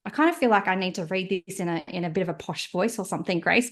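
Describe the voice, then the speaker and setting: A woman as a guest on a podcast interview, explaining her views in an animated way. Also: on the low side, fast talker, hardly any pauses. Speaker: podcast guest, marketing strategist.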